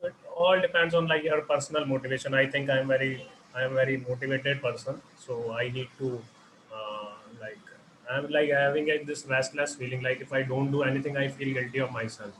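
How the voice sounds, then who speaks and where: Guy from india, guest on an online interview, monotone, lots of uh and like, noisy background. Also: medium pitch, fairly quick. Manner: hesitant, many fillers.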